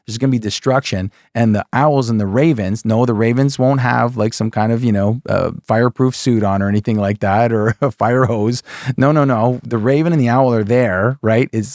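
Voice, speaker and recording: A man's voice: mid-range voice, darkish tone, no room sound, clean studio sound. A man teaching scripture in a casual, joking way, asking his listeners rhetorical questions and often saying "okay" and "folks.". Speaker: Bible teacher.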